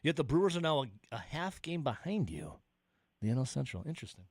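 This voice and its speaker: A man's voice: medium pitch, very animated, dry recording, clean studio sound. A man hosting call-in sports radio, mocking and sarcastic, stretching out his jokes. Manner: mocking, sarcastic, drawn-out asides. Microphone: studio microphone.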